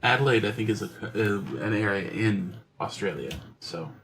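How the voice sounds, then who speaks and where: A man with a fairly low voice talks loosely on a gaming livestream. He reads viewer comments and thinks aloud about them. He slips easily into mock-offended banter. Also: lively intonation, moderate pace, creaky, a bit bright. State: sick. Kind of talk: casual livestream chat, reading viewer comments.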